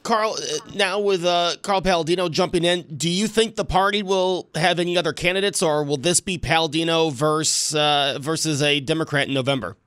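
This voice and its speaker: A man's voice: fairly high pitch, fairly bright tone, clean tone, no echo. A man hosting a talk radio show, introducing and questioning a guest in a conversational way. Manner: conversational, with some filler pauses.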